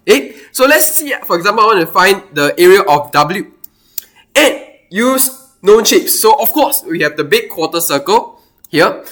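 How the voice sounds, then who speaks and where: Animated male math teacher. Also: high voice. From Singapore. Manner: animated, thinking aloud with exclamations. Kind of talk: explaining a worked math problem.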